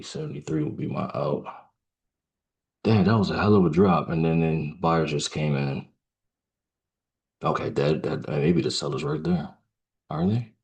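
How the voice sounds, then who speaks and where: Very deep gravelly-voiced man. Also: darkish tone. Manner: halting, musing aloud with fillers and restarts. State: yawning, tired. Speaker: trader. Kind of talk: live trading commentary.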